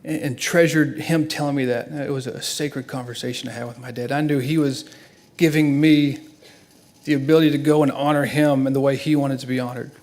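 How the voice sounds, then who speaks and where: A middle-aged man, a son, giving an emotional eulogy in a church and telling stories earnestly, his voice swinging between hushed and loud. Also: medium pitch, fairly even intonation, fairly quick.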